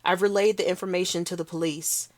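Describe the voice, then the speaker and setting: A woman reading aloud, voicing a calm, formal emergency dispatcher who steadily repeats instructions. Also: fairly low pitch, quick pace, close to an everyday voice. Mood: firm. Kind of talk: read-aloud novel.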